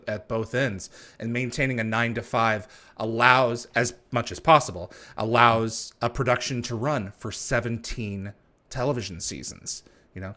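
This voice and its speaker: A man hosts a casual interview. His voice sits fairly low but sounds bright and forceful. He sets up his questions at length, in a conversational way. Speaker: interview host.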